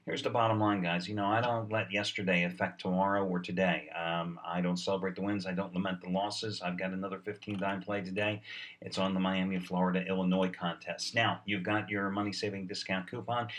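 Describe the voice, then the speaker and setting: A man with a lowish voice talks through his sports betting picks in a salesy, wry way, filling gaps with "uh." He sounds short on sleep. His voice sits a bit back from the mic. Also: level tone, brisk, a bit bright, far from the mic. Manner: salesy, sarcastic, many "uh" fillers. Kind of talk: sports betting video report.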